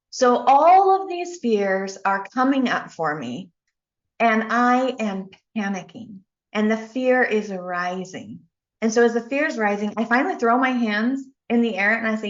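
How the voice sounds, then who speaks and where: A woman coach giving a motivational talk, telling a personal story with emphatic, animated delivery. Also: medium pitch, moderate pace, muffled recording. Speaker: life coach and speaker.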